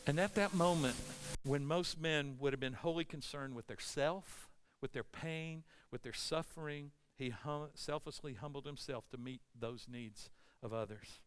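Impassioned high-voiced male preacher. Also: measured pace, clean tone. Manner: impassioned, swinging from hushed to emphatic. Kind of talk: sermon.

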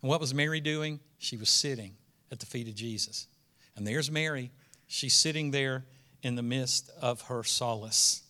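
A man's voice: medium pitch, moderate pace, bright, forceful tone. A male preacher, reading scripture aloud and breaking into casual asides that build to emphatic peaks. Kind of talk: sermon.

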